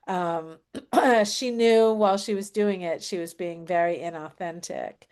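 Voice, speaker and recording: A woman's voice: lowish voice, a little slow, a little mellow. A woman hosting a casual discussion, speaking reflectively and often affirming the others. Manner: reflective, therapist-like, frequent affirmations. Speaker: host of a show reaction chat.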